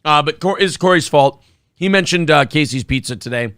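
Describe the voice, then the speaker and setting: A man's voice: fairly high pitch, expressive, a little fast, fairly bright tone, smooth, no echo, clean studio sound. A man hosting a morning talk show, chatting casually in a blunt, profane way. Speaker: host. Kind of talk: casual chat.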